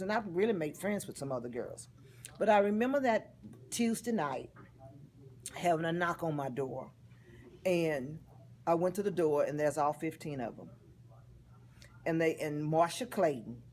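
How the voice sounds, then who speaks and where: A woman, telling a personal story in an interview in a heartfelt, expressive way. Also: sits low, slight background noise. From Texas. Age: 50s.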